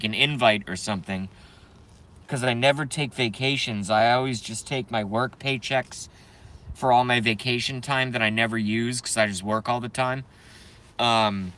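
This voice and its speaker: A man's voice: medium pitch, bright, forceful tone. A young man hosting a live stream, chatting casually, joking and reading viewers' comments aloud in a rambling way.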